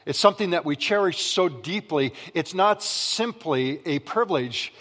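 A Canadian man preaching a sermon as pastor, telling comic stories and acting out family voices. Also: a little high. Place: church sanctuary. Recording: long reverb of a large hall.

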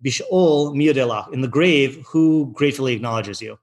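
A man's voice: medium pitch, fairly quick. A man teaching an online text study class, reading passages out and translating them in a loose, chatty way with plenty of fillers and restarts.

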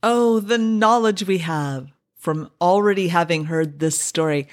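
Woman podcast host, low voice, chatty, wry commentary. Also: measured pace, hardly any pauses. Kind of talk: casual commentary on old radio drama.

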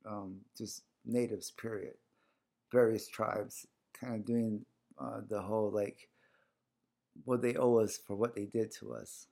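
Speaking unhurriedly in a lowish, gravelly, mellow voice with a steady tone, this man is a guest organizing a community series. He rambles through a personal story full of fillers, performing the dialogue he quotes.

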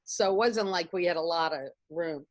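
A woman's voice: fairly low pitch, moderate pace, no room sound. A middle-aged woman co-hosting a podcast, telling family stories in a rambling, giggly way. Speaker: podcast co-host. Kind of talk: casual storytelling.

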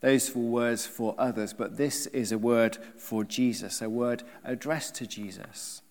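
A man preaching a sermon, emphatic, with rhetorical questions and swings between loud and soft delivery. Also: mid-range voice, fairly even intonation, measured pace, in a large hall.

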